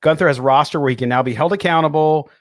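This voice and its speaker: A man's voice: on the high side, very fast, no room sound, studio quality. A man co-hosting a sports radio show who reads listener comments aloud and answers them in casual chat.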